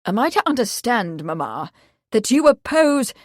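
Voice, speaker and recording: Woman playing a formal young gentleman, measured, lively tone, dry storybook sound. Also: mid-range voice, no room sound. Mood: stiff. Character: young gentleman, confident and stiff son.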